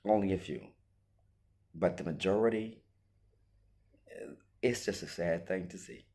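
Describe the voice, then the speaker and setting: A man's voice: low voice, measured pace, dark tone. A man giving an emphatic opinion monologue, full of rhetorical questions and acted-out quotes. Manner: acts out quoted voices. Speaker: commentator.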